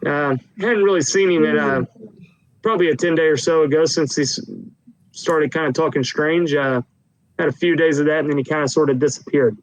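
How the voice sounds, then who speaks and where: A man voicing a loud, blustering, heavyset male official who talks crudely in a tabletop game. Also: on the high side, fairly quick, no room sound, lightly acted, low-quality recording. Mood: grumbling. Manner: gruff, crude, talks loudly.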